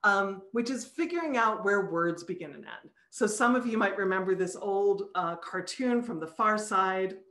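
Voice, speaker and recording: A woman's voice: medium pitch, expressive, normal speed, hardly any pauses, fairly bright tone, echoey room. A woman, a psychology professor, giving a talk over a video call and explaining ideas patiently, sounding out syllables as examples. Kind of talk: recorded online lecture.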